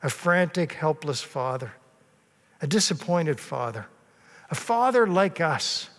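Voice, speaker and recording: A man delivers a sermon with a fairly high voice, earnest and storytelling, now and then slipping into the voices of the people in his story. His words ring out with a long reverb, as if in a large church sanctuary. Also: big pitch swings, unhurried, fairly bright tone. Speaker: pastor.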